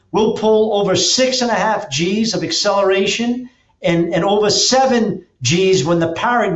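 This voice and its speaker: A man guest on a podcast, an energetic storyteller who acts out quotes and restarts his sentences often. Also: high voice. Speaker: podcast guest, auto dealer and drag racer. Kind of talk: casual interview talk. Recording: roomy, dull lo-fi sound.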